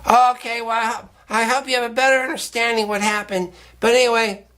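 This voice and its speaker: A man's voice: very high-pitched, little pitch movement, brisk, sharp tone. A man hosting a public access show, talking casually to the camera in a rambling way, often repeating and restarting his words.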